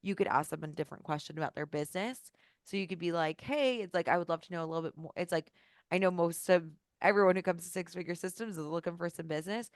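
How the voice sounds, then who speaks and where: A woman's voice: lowish voice, fast, no echo, studio quality. Chatty woman coaching on a video call. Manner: casual, filler-heavy, acts out sample messages. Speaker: business coach. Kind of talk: live online coaching call.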